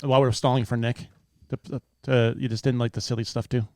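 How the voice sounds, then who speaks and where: A man's voice: medium pitch, level tone, quick pace, warm tone, no echo. Man, podcast guest host, casual chat, short teasing asides, dry sound.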